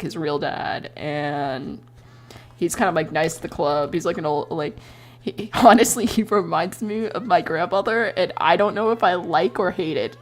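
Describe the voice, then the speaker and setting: A woman streamer casually recapping a role-play story, rambling, swearing freely and laughing often. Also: lowish voice.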